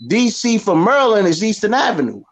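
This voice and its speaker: A man's voice: high voice, sing-song, a little fast, a little hiss or hum. A man co-hosting a podcast, chiming in eagerly and repeating himself as he stumbles over his words. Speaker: podcast co-host. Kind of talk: casual interview.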